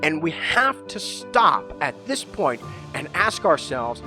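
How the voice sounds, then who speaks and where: A man hosting a motivational podcast, telling a parable in an animated way and acting out the characters. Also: on the high side, slow, hardly any pauses, music in the background. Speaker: podcast host and speaker. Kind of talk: storytelling motivational talk.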